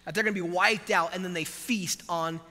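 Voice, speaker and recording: A man preaching a sermon as pastor to a live congregation, animated and emphatic, quizzing the church. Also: high voice, a little fast, big-room sound.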